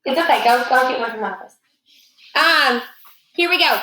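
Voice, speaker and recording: A woman teaching a phonics lesson to a room of young children, patient and sing-song. Her voice sits high and bright. The classroom rings with echo around her. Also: expressive, a little hiss or hum. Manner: patient, sing-song, slowly drawn-out words. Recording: echoey classroom.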